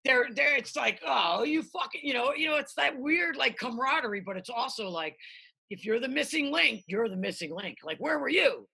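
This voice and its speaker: A middle-aged woman chef on a video call, telling profane, animated kitchen stories and shouting out quoted lines. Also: sits high, brisk, vocal fry, slightly rough. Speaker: chef, interview guest. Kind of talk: casual interview chat.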